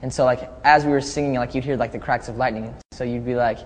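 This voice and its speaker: A man's voice: mid-range voice, steady tone, quick pace. Young adult male, pop singer in a casual live chat, loose and chatty with frequent laughs. Long reverb, faint noise floor. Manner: easygoing, chatty, laughs often, reads out fan questions. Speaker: pop singer answering fan questions.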